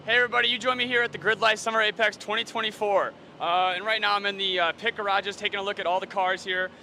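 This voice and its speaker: A man's voice: sits high, fairly even intonation, quick pace, sharp tone, a little hiss or hum. A man touring race pit garages and interviewing drivers, friendly and casual. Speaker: pit reporter. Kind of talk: casual live event segment.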